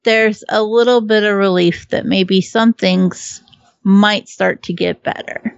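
A woman co-hosting a podcast, frank and quick to laugh, with the occasional swear. Her voice sits in the middle range. It comes through a slightly dull, muffled mic with a dry sound. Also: mid-range voice, steady tone, vocal fry, smooth, no echo. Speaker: podcast co-host. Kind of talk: casual chat.

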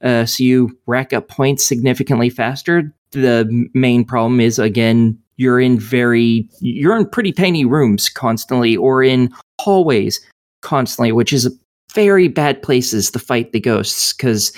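A man's voice: mid-range voice, unhurried. A man reviewing a horror game in casual podcast chat, rambling and sarcastic, swearing often.

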